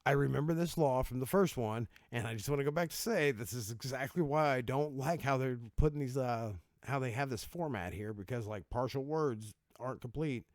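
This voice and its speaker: A man's voice: medium pitch, fairly quick, few pauses, a little mellow, dry recording, studio quality. A man hosting a casual video, reading out laws and reacting with swearing, laughter and stumbles over words. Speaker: video host.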